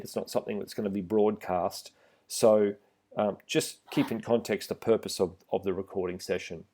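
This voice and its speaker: A middle-aged man giving a relaxed, plain-spoken instructional talk to trainee driving instructors, with some fillers. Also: lowish voice. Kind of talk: instructional voice-over with slides.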